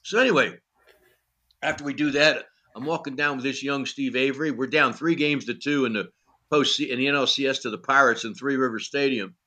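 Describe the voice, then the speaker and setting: A man's voice: medium pitch, a little fast. An older man and former coach, telling blunt, salty stories in an interview and acting out each exchange with many "you know" fillers. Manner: animated storyteller who acts out dialogue, with many "you know" fillers. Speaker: former pitching coach, guest. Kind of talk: storytelling in a podcast interview.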